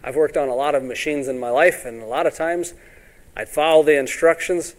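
A man preaching a sermon in a folksy way, often asking "all right?" and acting out Bible scenes in quick voices. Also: on the high side. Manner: ends points with "all right?".

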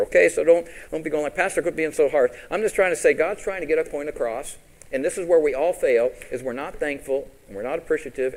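A man's voice: on the high side, rough recording. A man preaching a sermon as pastor, quoting scripture and asking his congregation questions, with big rises and drops for emphasis.

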